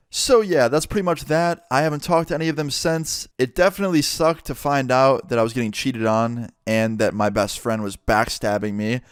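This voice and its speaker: A young man telling a personal story in a casual, animated way, swearing often. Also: medium pitch, moderate pace, few pauses, clean tone, no echo, clean studio sound. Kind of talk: storytime narration.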